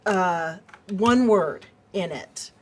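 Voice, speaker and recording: A woman's voice: on the low side, drawn-out words. A woman on a drama panel giving acting advice and agreeing with the others. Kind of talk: panel discussion.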